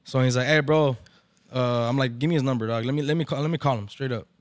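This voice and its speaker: A man in a podcast sit-down who tells a long story in loose, profane street slang and drops into Spanish now and then. His voice sits at an ordinary pitch, and the sound is dry and close, with no room around it. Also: fast, no echo. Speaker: barber event organizer, podcast guest. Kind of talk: casual storytelling chat. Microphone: podcast microphone.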